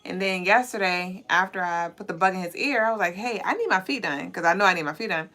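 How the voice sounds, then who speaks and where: Bright-voiced Southern woman livestream host. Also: lowish voice, animated, fast talker. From Savannah, Georgia, US. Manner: chatty and playful, laughs often. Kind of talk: casual livestream chat reading viewer comments.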